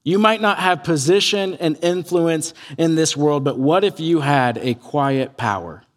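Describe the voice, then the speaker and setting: A man preaching a sermon as pastor, earnest and animated, acting out quoted voices as he tells a story. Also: fairly high pitch, measured pace.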